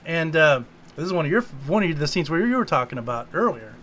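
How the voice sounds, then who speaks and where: A man's voice: fairly high pitch, normal speed, a little hiss or hum. A man co-hosting a casual podcast, retelling a movie with profanity and acting out the lines. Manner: animated storyteller, swears, acts out lines. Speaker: podcast co-host. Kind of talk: casual movie recap chat.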